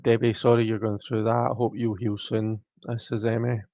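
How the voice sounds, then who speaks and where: Gravelly British man chatting on a livestream. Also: on the low side, little pitch movement, normal speed, no echo, muffled recording. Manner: chatty, self-mocking, laughs often. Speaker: livestream host. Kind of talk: casual live chat reading viewer comments.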